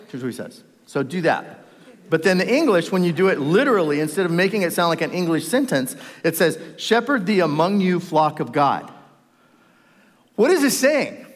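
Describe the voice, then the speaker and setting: A middle-aged man preaching a sermon, animated, acting out quoted voices and speaking straight to the congregation. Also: sits high. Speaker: pastor. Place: large church hall with reverb. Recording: live sermon in reverberant hall.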